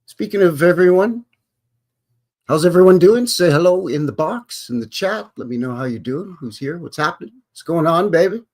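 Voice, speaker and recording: Husky guy from alberta doing a live stream, lively up and down voice, folksy howdy-y'all chatter. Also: fairly high pitch, normal speed. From Alberta, Canada. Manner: folksy cowboy talk, greets chatters warmly. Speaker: livestream host. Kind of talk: casual live-stream chat.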